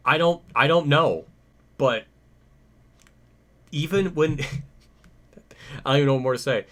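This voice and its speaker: A man's voice: mid-range voice, bright, forceful tone. A young man hosting a gaming channel, ranting in casual commentary, exasperated, swearing and laughing it off. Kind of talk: casual gameplay commentary rant.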